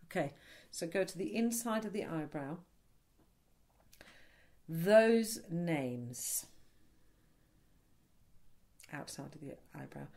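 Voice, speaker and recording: A woman leading a guided tapping session in a slow, soothing, instructive way. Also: deep voice, vocal fry, a little mellow. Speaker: EFT tapping practitioner.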